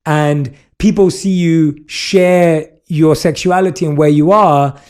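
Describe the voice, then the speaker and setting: Speaking slowly in a slightly high, steady voice that is darkish, clear and resonant, a British podcast host conducts a casual interview. Earnest and effusive, he praises generously and reads aloud from a book.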